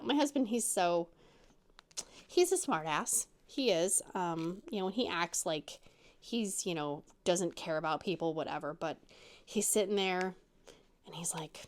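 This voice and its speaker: A middle-aged woman hosting a crafting vlog, telling a story in a rambling, animated way with lots of fillers and restarts, and jumping up in pitch when she quotes other people. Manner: acts out quoted voices with big pitch jumps. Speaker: crafting channel host.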